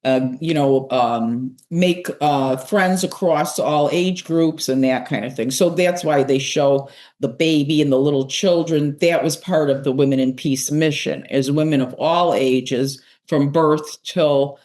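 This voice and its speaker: A woman's voice: low voice, measured pace, few pauses, a little mellow. An older woman co-hosting a casual fashion chat, talking in a rambling, playful way. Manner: chatty, rambling, playful repetitions. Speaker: co-host, senior style icon.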